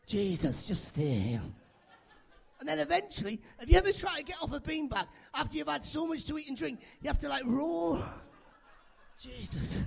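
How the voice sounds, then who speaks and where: Lively, high-pitched stand-up comedian man. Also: normal speed, creaky. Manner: chatty, teasing, playful crowd banter. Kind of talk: live stand-up with crowd work.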